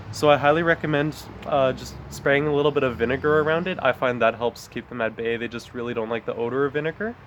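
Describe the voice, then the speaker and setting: This backyard gardening vlog features a man with a mid-range voice giving a relaxed, meandering talk about his plants. Fillers and friendly asides abound, and a little hiss or hum sits under the audio.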